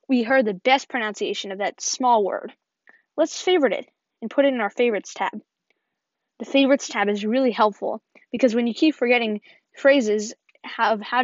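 Tutorial host: woman with a higher voice, upbeat step-by-step walkthrough, dry lo-fi recording. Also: no room sound. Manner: step-by-step, upbeat, often says "perfect". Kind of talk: screen-recording app tutorial voice-over. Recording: dull, dry lo-fi voice-over.

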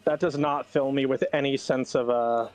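A man playing a fighting game with a friend, swearing a lot and yelling in frustration. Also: medium pitch, fairly even intonation, normal speed, faint music behind. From Latino. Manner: swears constantly, yells in frustration. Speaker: gaming YouTuber. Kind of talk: casual gameplay banter.

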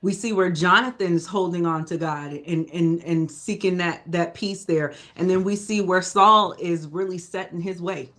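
A Bible study teacher leading a live lesson in a relaxed, conversational way, often checking in with "you know?" and sometimes restarting a sentence to fix the wording. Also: medium pitch, normal speed, hardly any pauses. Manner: restarts and self-corrections.

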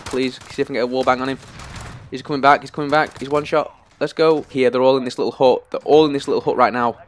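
A young-sounding man talks through a tense match as he plays it. He swings between anxious pleading and loud excitement, with his voice at a middling pitch and a faint hiss behind it. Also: fast. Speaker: gaming YouTuber. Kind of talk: live gameplay commentary.

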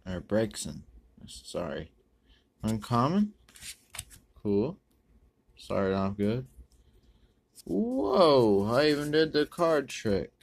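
A man rambling through a pack opening, correcting himself and using many ums and uhs, with sudden bursts of excitement. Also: mid-range voice, takes it slowly, long pauses. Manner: bursts of excitement over good pulls. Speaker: card-opening video host. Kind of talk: casual pack-opening commentary.

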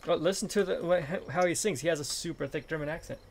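A man's voice: on the high side, fast, noisy background. A man chatting casually with a friend while playing a game, in an easygoing way. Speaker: gamer. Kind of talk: casual chat while gaming.

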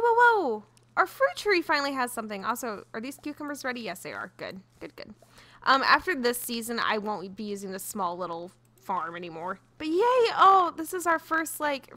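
A young woman rambling cheerfully through a farming game, giggly and quick to get flustered. Her voice is bright and sits fairly high, swinging widely in pitch. Soft background music plays under her chatter. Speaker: gaming YouTuber. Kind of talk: casual let's-play commentary.

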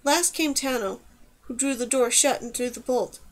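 A woman's voice: a little high, moderate pace, low-quality recording. A woman narrating a fantasy novel, reading steadily and giving the dialogue light voices. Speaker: audiobook narrator. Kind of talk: scripted narration.

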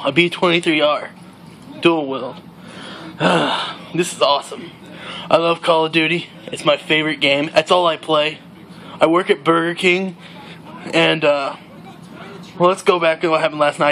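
A man's voice: fairly high pitch, fairly bright tone, a little hiss or hum. A young man playing a cocky young party-bro gamer who brags in drawling slang during a comedic monologue over gameplay.

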